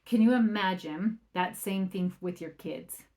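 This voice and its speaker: A woman's voice: on the low side, a little slow. A woman parenting coach talking on her solo podcast in a conversational way, often checking in with "right?". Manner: acts out quoted remarks in a livelier or softer voice.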